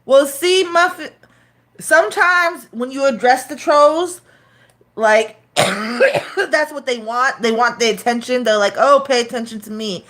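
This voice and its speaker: Chatty, profane woman streamer, slightly high. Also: slow, fairly bright tone. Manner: loose, profane, rambling with many fillers. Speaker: live streamer. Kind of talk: casual live-stream chat.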